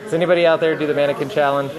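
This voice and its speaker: Teasing stream host, mid pitch, reads comments, crowd noise behind. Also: little pitch movement, rapid-fire, poor audio. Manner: teasing, wisecracking. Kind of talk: casual live-stream banter. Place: tattoo shop. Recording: live stream with crowd chatter.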